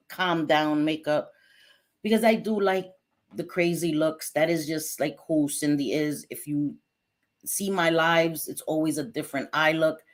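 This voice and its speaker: Young adult woman, livestream host; sassy casual chatter, slightly low voice, mixes in Spanish. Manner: chatty, swings between sass and apologies.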